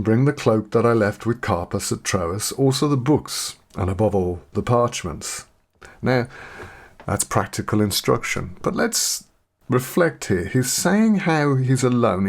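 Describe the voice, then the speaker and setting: A man hosting a podcast, reading Bible verses slowly and then reflecting on them in his own words. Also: mid-range voice, vocal fry. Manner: reads scripture aloud slowly, then muses and paraphrases. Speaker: podcast host and Bible teacher.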